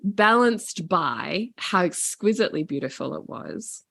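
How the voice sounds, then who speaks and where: A woman in her forties with an Australian accent, a podcast guest telling family travel stories in a lively, casual way, swearing freely. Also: lowish voice, measured pace, creaky, no room sound, clean studio sound. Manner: animated, swears casually, laughs often. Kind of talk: casual storytelling.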